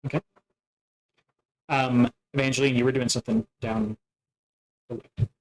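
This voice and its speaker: A man narrating a tabletop game as its game master, casual and halting, with many fillers. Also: mid-range voice, little pitch movement, a crowd in the background, rough recording.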